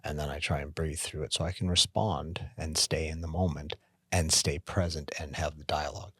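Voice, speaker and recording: A man's voice: a bass voice, steady tone, moderate pace, a bit bright, slightly rough, dry recording, studio quality. A middle-aged man with a Canadian accent, co-hosting a casual conversation in a candid, reflective way. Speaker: podcast co-host.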